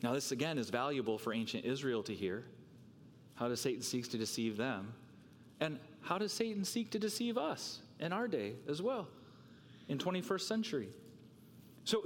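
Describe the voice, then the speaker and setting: A man's voice: fairly high pitch, long reverb tail, slight background noise. A man preaching a sermon, talking with rhetorical questions and repeating words as he works through a passage.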